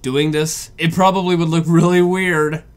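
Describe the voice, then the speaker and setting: A man's voice: a little high, flat delivery, normal speed, clean tone. A young man giving casual reaction commentary, rambling and incredulous, often repeating himself.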